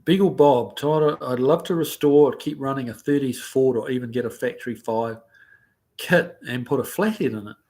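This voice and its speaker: A man's voice: medium pitch, normal speed, darkish tone. Easygoing New Zealand man chatting. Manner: rambling, easygoing, many ums and uhs. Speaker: livestream host. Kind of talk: casual live chat reading comments. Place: living in the United States.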